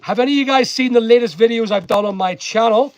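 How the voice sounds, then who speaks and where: A man's voice: very high-pitched, fast talker, dry recording, dull audio. A man with a mixed London and Northern Irish accent, chatting casually on a live stream as an online seller, rambling and greeting viewers by name while he works in a packing room. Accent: London and Northern Irish mix.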